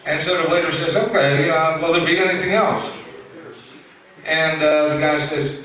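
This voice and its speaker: A man's voice: a little high, steady tone, moderate pace, fairly bright tone. A man telling folksy stand-up jokes to a live audience, drawling with fillers. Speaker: stand-up comedian. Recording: echoey room from far off.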